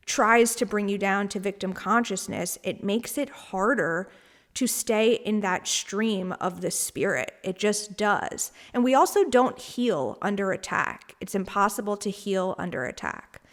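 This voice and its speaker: A woman's voice: medium pitch, measured pace. A woman hosting a solo spiritual podcast, talking in a candid, rambling way with frequent laughs and casual swearing. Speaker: podcast host.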